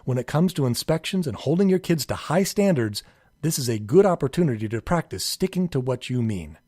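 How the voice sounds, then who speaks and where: A man giving calm, earnest scripted narration for a parenting course, sometimes acting out a child's pleading questions. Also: brisk, dry recording, studio quality. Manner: calm, earnest, acts out children's pleas in a higher voice.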